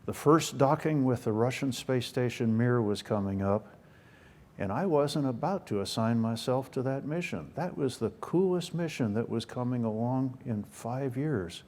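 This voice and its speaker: A man's voice: medium pitch, lively intonation, normal speed, darkish tone. Older man telling folksy stories. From United States. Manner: folksy, self-deprecating humor. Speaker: guest speaker. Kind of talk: storytelling talk.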